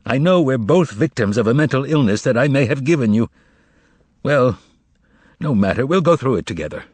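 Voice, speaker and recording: A man's voice: medium pitch, expressive, moderate pace, a little mellow, no echo, lightly acted. A man voicing a weary, troubled writer. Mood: firm. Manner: firm, resigned, wry.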